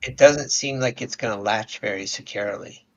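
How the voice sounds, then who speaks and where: A man acting as game master, narrating a tabletop game with measured, descriptive talk. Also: mid-range voice. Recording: dull lo-fi audio.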